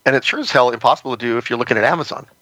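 A man's voice: medium pitch, racing, pushed and bright, no echo, poor audio. Rambling man, dry close sound. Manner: rambling, heavy on "you know" fillers. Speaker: podcast guest. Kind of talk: casual interview chat.

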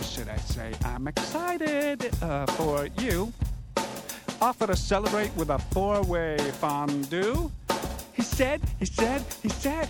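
A comic going deaf. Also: male voice, sits high, heavily acted. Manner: patter singing with comic asides. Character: man going deaf, doing comic stand-up song. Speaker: singer in a stage musical. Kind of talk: comic musical theatre song. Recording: cast recording over loud band.

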